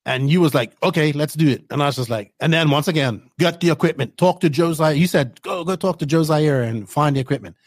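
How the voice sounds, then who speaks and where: A man's voice: a little high, fairly quick, hardly any pauses, no room sound, clean studio sound. A man from Bermuda, casually rambling through his own story in an interview and often tagging his sentences with "right?". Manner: rambling, tags lines with "right?". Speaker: podcast host telling his story.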